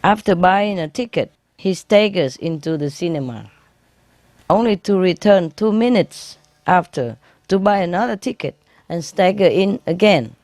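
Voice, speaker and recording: A woman's voice: lowish voice, lively intonation, normal speed, a little mellow, dry recording. A woman, a spiritual teacher, telling jokes to an audience in simple English, laughing at her own punchlines and explaining them afterwards.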